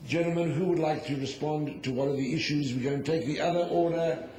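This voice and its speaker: A man's voice: a little high, brisk, mellow. A man moderating a conference panel, calling on speakers with a wry, lightly joking manner. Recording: echoey conference hall.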